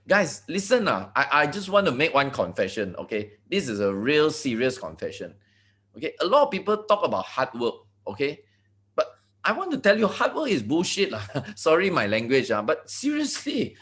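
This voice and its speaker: Malaysian-accented man, motivational speaker, bouncy and animated delivery. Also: medium pitch, moderate pace. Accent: Malaysian English. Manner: animated, repeats words, many asides. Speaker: network marketing leader. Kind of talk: motivational talk on a video call.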